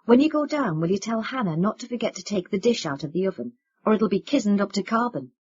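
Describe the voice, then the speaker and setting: Brisk matter-of-fact housewife, husky tone, read by a woman. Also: medium pitch, lively intonation, darkish tone, no echo, dull audio.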